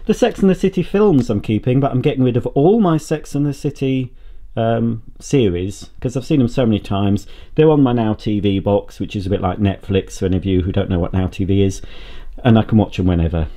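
A man's voice: fairly low pitch, brisk, mellow. A man vlogging from home, talking casually and rambling to the camera with enthusiastic asides. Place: home, indoors.

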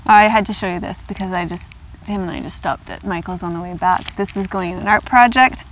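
A woman host chatting casually in her vlog as she unboxes gifts in a car, gushing and gasping with excitement. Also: lowish voice, brisk, a little hiss or hum. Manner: gushing, excitable, gasps and squeals with delight. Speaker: yoga vlogger.

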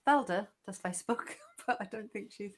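A woman's voice: mid-range voice, moderate pace, a crowd in the background. A woman co-hosting a casual chat show, giggly and playful as she teases her co-host.

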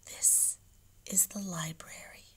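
A gracious old-world caliph from a storybook, wise and kind, speaking softly and courteously, as a woman reads him aloud. His voice sits at a middling pitch and stays gentle. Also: normal speed, lightly acted. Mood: hushed. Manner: hushed, gentle, courteous speech. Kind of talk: read-aloud storybook role.

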